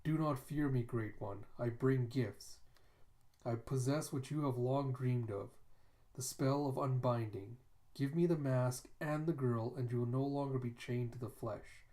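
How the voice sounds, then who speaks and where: A man voicing a sinister, scheming female abbess who turns out to be a monster, speaking in a slow, gloating, drawn-out way. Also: medium pitch, dark tone, close to an everyday voice.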